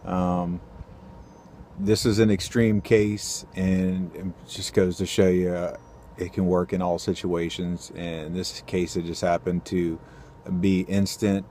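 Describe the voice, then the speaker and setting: A man telling a personal faith story to camera, earnest and halting, with many fillers and restarts. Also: low-pitched, little pitch movement, mellow, a little hiss or hum. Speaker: ultrasound technician sharing a faith story. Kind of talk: casual testimony to camera.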